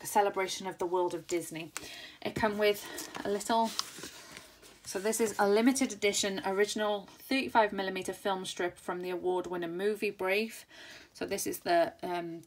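Chatty thirtysomething woman rambling about her finds, lowish voice, hiss in the background. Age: 30s. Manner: chatty, rambling, enthusiastic with many fillers. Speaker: crafting channel host. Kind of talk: casual haul video chat. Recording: noisy home recording.

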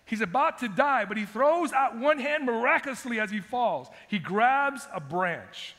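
A man's voice: extremely high pitch, expressive, measured pace, sharp tone. A male pastor preaching a sermon, emphatic, repeating his points and calling for amens. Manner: emphatic, repeats phrases, calls out "amen". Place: church sanctuary. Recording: long hall reverb.

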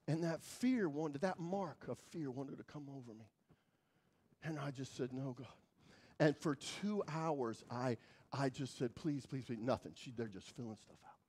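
A man preaching as a guest speaker in church, telling stories dramatically, swinging from loud to hushed. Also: medium pitch, a little slow, slightly rough. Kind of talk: sermon storytelling.

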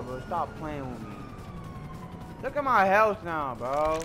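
A young man with a fairly high voice runs rowdy, playful commentary over a game. He trash-talks and swings between sudden yells and low mumbling. Loud game sounds and engine noise rumble behind him. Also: slow pace. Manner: excitable trash talk, swinging from shouts to mutters. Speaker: gaming YouTuber. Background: video game noise and vehicle sounds.

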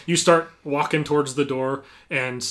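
A man running a tabletop game as game master, pitched in the middle of the male range. He narrates loosely and conversationally, scattering fillers and restarts through his descriptions. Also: fairly even intonation, measured pace, fairly bright tone. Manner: casual, filler-heavy narration with many "like"s.

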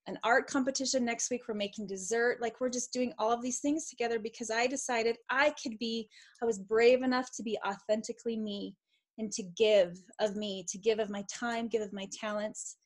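Woman from the United States, thirties, high voice, enthusiastic and heartfelt, talks straight to kids. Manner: enthusiastic, warm-hearted, speaks directly to kids. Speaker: guest, mom and teacher. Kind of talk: casual interview chat.

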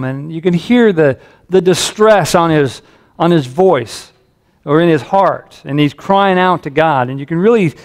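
A man preaching a sermon as a pastor, earnest and caring, his voice rising when he reads scripture aloud. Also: on the high side.

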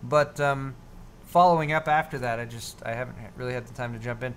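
A man's voice: mid-range voice, little pitch movement, a little fast, slight background noise. A man co-hosting a live tech stream, chatting casually and rambling, with lots of fillers and restarts. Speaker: co-host of a live tech show.

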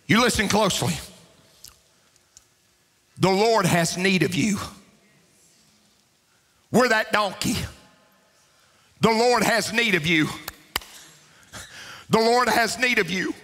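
A man preaching a sermon as pastor, emphatic and rising to shouts, repeating key lines for emphasis. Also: sits high, expressive, slow pace, pauses often. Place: church sanctuary. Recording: long reverb of a church hall.

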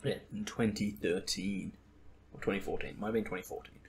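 A man's voice: lowish voice, fairly even intonation, a little fast, creaky, a little hiss or hum. A young man hosting a podcast in casual chat, rambling and laughing at his own stories. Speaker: podcast host.

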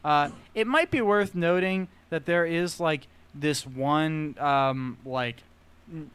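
Brief: man, slightly high smooth voice, dry close mic, rambling co-host. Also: slow, fairly bright tone. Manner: rambling, many fillers and restarts. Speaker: podcast co-host. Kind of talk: casual movie review chat.

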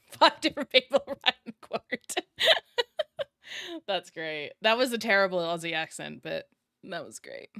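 A woman's voice: mid-range voice, very animated, slow, long pauses, fairly bright tone, no echo, clean studio sound. A woman streamer hosting her live stream in casual chat, talking straight to her viewers and laughing often. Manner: giggly, chatty, addresses chat directly. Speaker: streamer host.

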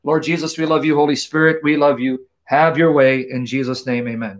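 A man leading a fervent spoken prayer on an online stream, repeating invocations in a steady litany. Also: medium pitch, fairly quick. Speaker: Christian apologist host.

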